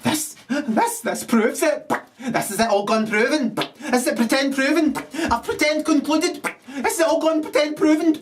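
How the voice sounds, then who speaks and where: A man voicing a shrill, self-pitying woman who rants and repeats herself. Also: normal speed, noisy background. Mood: gloating.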